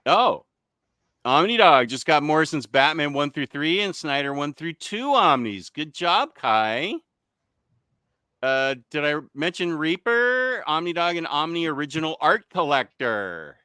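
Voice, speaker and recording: A man's voice: on the high side, very animated, unhurried, pushed and bright, clean tone, no echo, studio quality. A man hosting a casual livestream, chatting and reading out comments, laughing often and losing his train of thought. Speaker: livestream host reading chat. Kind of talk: casual live chat.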